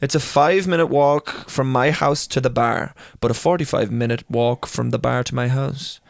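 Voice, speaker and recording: A man's voice: mid-range voice, normal speed, creaky, dry recording, studio quality. A young man co-hosting a podcast, teasing and punning in casual banter. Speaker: podcast co-host. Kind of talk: casual comedy chat.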